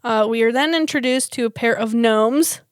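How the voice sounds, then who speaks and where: A woman's voice: on the high side, moderate pace, clean tone, no echo, studio quality. A woman co-hosting a podcast, chatting casually and retelling a film plot with lots of laughter. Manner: giggly, animated storyteller who laughs often. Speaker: podcast co-host.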